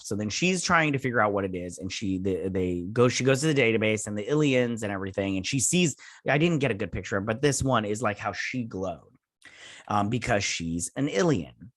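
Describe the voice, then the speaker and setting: A man's voice: fairly low pitch, lively intonation, moderate pace, no echo, studio quality. Man, show host, casual episode recap, rambling, filler-heavy, hesitant restarts, playful character voices.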